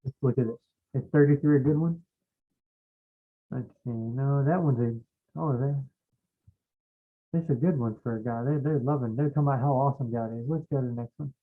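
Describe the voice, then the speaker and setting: A man leading a relaxed Bible study, talking at a middling pitch. He rambles and thinks aloud, pausing to search his memory. The sound is narrow and muffled, like a phone line. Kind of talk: casual Bible study talk.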